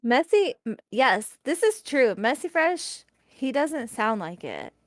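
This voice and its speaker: A woman's voice: sits high, big pitch swings, slow pace, no room sound. A woman from Northern California with a California accent, chatting casually as a co-host and laughing easily. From Northern/Central California. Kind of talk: casual chat.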